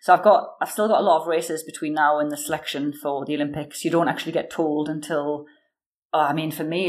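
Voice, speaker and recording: Appearing as a guest in a relaxed interview, this thirty-something woman from the UK fills her chat with lots of fillers and lively storytelling. Her voice sits low.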